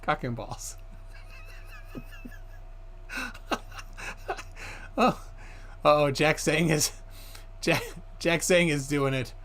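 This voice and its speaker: A man's voice: on the high side, steady tone, takes it slowly, long pauses, fairly bright tone. A man hosting a live stream, chatting casually, laughing and reading viewer comments aloud. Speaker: livestream host.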